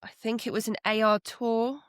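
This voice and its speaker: Give me a relaxed woman from England chatting casually on a podcast, with a dry close sound. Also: fairly high pitch, normal speed, clean tone, dry recording. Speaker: podcast co-host. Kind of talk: casual chat.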